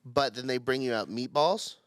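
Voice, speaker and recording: A man's voice: medium pitch, moderate pace, no room sound. A man co-hosting a casual podcast, swearing and bantering. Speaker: podcast co-host.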